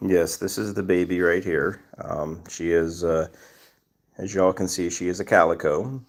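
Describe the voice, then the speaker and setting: A man's voice: low voice, steady tone, a little slow. A man hosting a casual livestream, greeting viewers by name and answering chat questions. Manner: reads chat names aloud and greets viewers. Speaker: livestream host.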